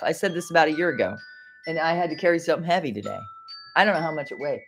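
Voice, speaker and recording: A woman's voice: lowish voice, very animated, fast. A middle-aged woman hosting a rambling faith livestream from home, chatty and easily distracted, laughing often. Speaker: livestream host.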